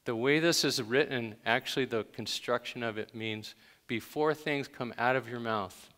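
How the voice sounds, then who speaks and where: A man's voice: mid-range voice, moderate pace, bright, forceful tone, in a large hall. A man preaching a sermon in a conversational way, with sudden emphatic bursts. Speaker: pastor.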